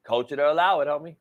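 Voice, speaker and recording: A man hosts a sports talk show in a blunt, profane, emphatic way, sounding like the football coach he is. His voice is slightly high and swings widely up and down as he pushes his points. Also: a bit bright.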